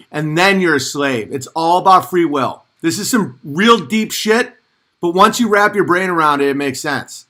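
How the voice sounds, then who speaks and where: A man's voice: fairly high pitch, bright, forceful tone. A man giving intense, worked-up commentary in a preachy, ranting way.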